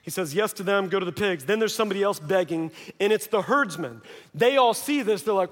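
A man with a fairly high voice delivers a storytelling sermon. He acts out the voices in the story and swings from hushed lines to shouting. The sound carries a long hall reverb. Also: animated, a little fast. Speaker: preacher.

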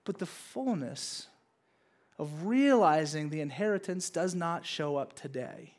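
A man's voice: fairly high pitch, lively intonation, measured pace. A man in his thirties preaching a casual sermon to a congregation, playfully acting out his kids and God in raised voices. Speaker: pastor. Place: church service with congregation.

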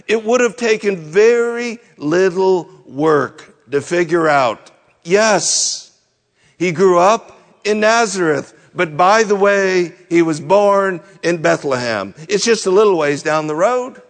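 A man preaching an expository sermon, moving verse by verse at a slow, deliberate pace. His voice sits a little higher than most men's, and he leans on rhetorical questions. A long reverb trails his words, as if he is in a large hall. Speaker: pastor.

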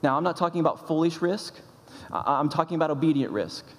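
A male pastor delivers a sermon in an emphatic, deliberate way, driving home each point by repeating it. His voice sits a bit high for a man and rings out with a long reverb from a large hall. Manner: emphatic, repeats key phrases.

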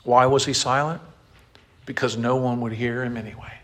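A male pastor preaching in a voice of ordinary pitch. He reads scripture slowly and leads call-and-response with his listeners. His delivery carries emotion throughout. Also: steady tone, a bit bright. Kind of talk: sermon.

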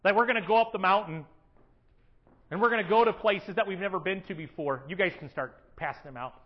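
High-voiced man preaching a sermon. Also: fairly quick, lo-fi sound. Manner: animated preaching, acting out prayers in a raised voice. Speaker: pastor. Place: church sanctuary.

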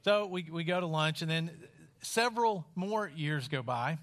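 A man from West Virginia preaching a sermon in a wry, conversational storytelling style with dramatic pauses. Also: a little high, fairly bright tone.

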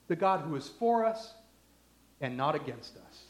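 A man preaching a sermon, emphatic, swinging from loud declarations to hushed lines. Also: fairly high pitch, big pitch swings, unhurried. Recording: echoey room.

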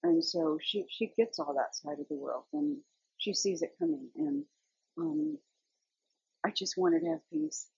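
Husky older woman sharing her faith. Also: medium pitch, sing-song, measured pace, a little mellow, dry recording, lo-fi sound. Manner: rambling storytelling with fillers. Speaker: Bible study teacher. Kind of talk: personal faith testimony.

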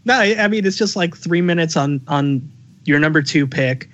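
A man's voice: a little high, animated, normal speed, fairly bright tone, muffled recording. A man co-hosting a casual podcast, joking around, swearing freely and laughing mid-sentence. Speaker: podcast co-host. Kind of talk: casual chat.

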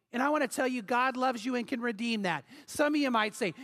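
High-voiced earnest male preacher. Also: expressive, normal speed, a bit bright. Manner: earnest, emphatic preaching with repeated phrases. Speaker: pastor. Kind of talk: sermon.

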